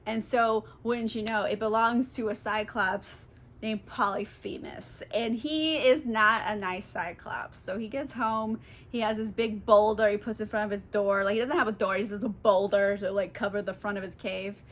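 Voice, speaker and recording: A woman's voice: medium pitch, steady tone, moderate pace. A young woman, tipsy, summarizing a book in a giggly, swearing, casual way, full of "like". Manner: giggly, swears a lot, filler-heavy. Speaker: book channel host.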